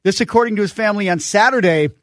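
Male radio co-host, high voice, easygoing headline reader, dry studio sound. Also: rapid-fire, no echo. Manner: loose and joking, with restarts. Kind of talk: casual radio chat and news reading. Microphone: studio microphone.

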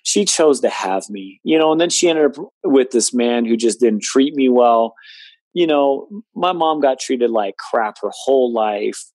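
A man's voice: medium pitch, animated, measured pace, a little mellow, no echo. A man in his late twenties earnestly recounting a personal story in conversation, with many fillers. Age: 20s. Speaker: guest telling his story.

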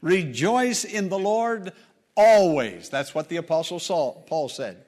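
A man's voice: fairly high pitch, lively intonation, slow, a little mellow. A man preaching a sermon as pastor, fervent and exhorting, repeating phrases with dramatic swings in delivery.

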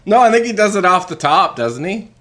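Animated man in casual chat. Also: high-pitched, brisk. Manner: animated, laughing, trails off quietly.

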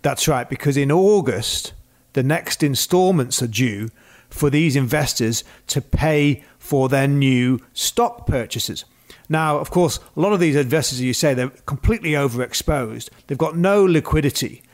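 A man's voice: medium pitch, expressive, normal speed. A man co-hosting a casual history podcast, explaining events and chuckling between points. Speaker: podcast co-host.

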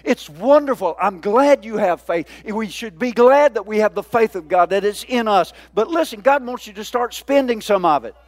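A man's voice: high voice, expressive. A man preaching a sermon, drawing out key words and calling for the congregation's response. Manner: call-and-response preaching, drawn-out emphasis. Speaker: pastor.

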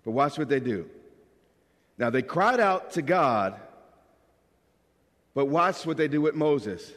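Male pastor, fairly high voice, animated sermon delivery with call-and-response, long hall reverb. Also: slow. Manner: preaching with call-and-response questions to the congregation; animated, acts out quoted voices.

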